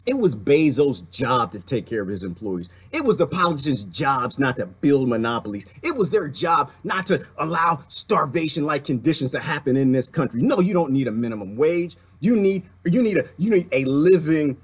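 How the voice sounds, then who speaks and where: A man delivering an impassioned political rant, fiery and heated, swinging between outbursts and muttering to calm himself. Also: on the high side, normal speed, hardly any pauses, slightly rough. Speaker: commentary vlogger.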